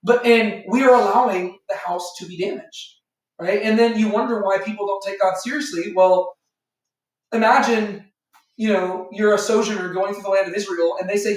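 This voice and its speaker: A man teaches Scripture informally to a small group, his high-pitched voice steady in tone and moderate in pace. The talk meanders, packed with fillers, and he acts out voices he imagines. Echo fills the room, and the mic sits far off.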